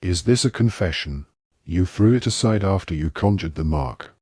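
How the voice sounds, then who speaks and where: A man's voice: low-pitched, lively intonation, moderate pace, darkish tone, husky, no room sound, clean studio sound. A man voicing a stern, suspicious ministry wizard who interrogates sharply.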